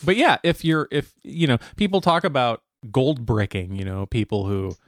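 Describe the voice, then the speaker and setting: A man hosting a podcast in casual chat, talkative and quick to laugh. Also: medium pitch, no echo, clean studio sound. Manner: chatty, laughs easily. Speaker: podcast host.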